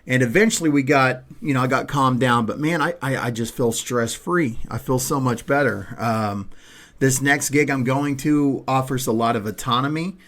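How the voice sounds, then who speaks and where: A podcast host chats casually at a moderate pace, rambling with plenty of fillers and restarts. His voice sits in the mid range with a fairly bright tone.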